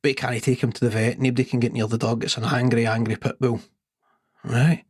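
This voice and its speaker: A man, co-hosting a sports podcast and telling a long pub joke in an unhurried, deadpan way. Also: mid-range voice, husky, no room sound, studio quality. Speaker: podcast co-host.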